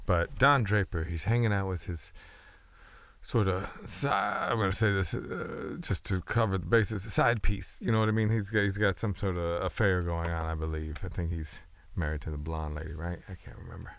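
Gravelly low-voiced man rambling casually. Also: moderate pace, fairly bright tone. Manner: loose, profane storytelling with restarts.

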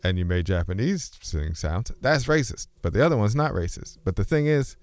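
Low-voiced man musing aloud. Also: very animated, moderate pace, a little mellow, dry recording. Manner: rambling, musing, self-interrupting; switches between speech registers. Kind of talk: casual philosophical monologue.

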